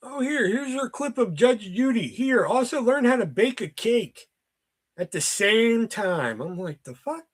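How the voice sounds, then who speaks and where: A man's voice: very high voice, expressive, measured pace. A man streaming live, rambling in a casual, exasperated rant full of swearing. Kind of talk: casual profane livestream rant.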